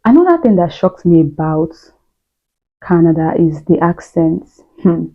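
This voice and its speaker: A woman's voice: lowish voice, very animated, unhurried. A young woman from Nigeria with a Nigerian accent, talking candidly and chattily to camera with lots of fillers. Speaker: vlogger. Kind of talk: casual talk to camera. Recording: dull lo-fi sound.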